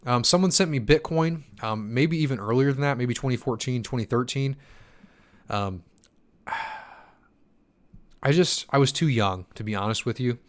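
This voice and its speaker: A man's voice: medium pitch, normal speed, long pauses. A young man in his twenties hosting a casual live-stream Q&A, tired from poor sleep and talking loosely with lots of fillers and restarts. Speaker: crypto channel host answering chat.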